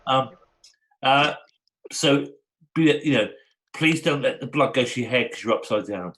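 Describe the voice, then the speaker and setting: A man's voice: medium pitch, animated, unhurried, a bit bright, rough recording. A man on a live-stream panel chats in a friendly, rambling way. He jokes as he signs off to everyone. His voice sits in an ordinary middle range. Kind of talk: casual live-stream chat.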